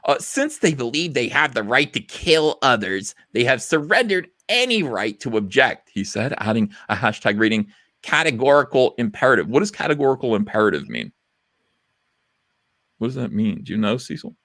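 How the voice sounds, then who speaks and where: A man's voice: medium pitch, very animated, moderate pace, a bit bright, no echo, studio quality. A man hosting a casual livestream, reading posts aloud with sarcastic commentary that swings between muttering and outbursts. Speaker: livestream host.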